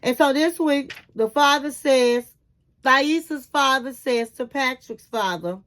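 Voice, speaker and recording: A woman's voice: high voice, slow, a bit bright, rough recording. A middle-aged woman giving chatty, candid commentary as she recaps a reality TV episode, often calling the listener "honey.".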